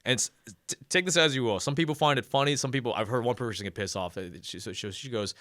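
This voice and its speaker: Fast-talking man telling stories. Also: mid-range voice, sharp tone, dry recording. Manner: storytelling, swears often, self-deprecating. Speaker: comedian guest. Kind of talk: casual podcast chat.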